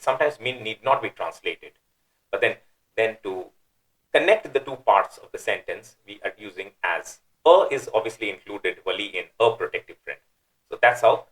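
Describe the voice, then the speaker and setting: A man's voice: mid-range voice, fairly bright tone, poor audio. A man teaching a Quran verse, methodically explaining word choices and thinking aloud as he weighs the options.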